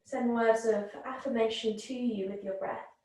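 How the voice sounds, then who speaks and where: A woman teaching a yoga class, guiding the breath in a calm, gentle, unhurried way. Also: a little high. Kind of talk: guided yoga and breathing instruction. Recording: very echoey room, voice from a distance.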